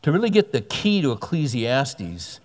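A man's voice: mid-range voice, big pitch swings, normal speed, a little mellow. A man preaching a sermon in an earnest, conversational way, often repeating and restarting his phrases. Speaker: pastor. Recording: long hall reverb.

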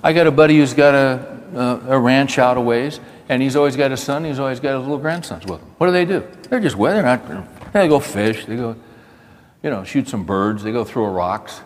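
A man's voice: medium pitch, a little fast. A middle-aged man giving a folksy, repetitive talk in sermon style to a men's gathering, stopping to chat with people in the audience. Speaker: speaker at a men's event. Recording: hall reverb.

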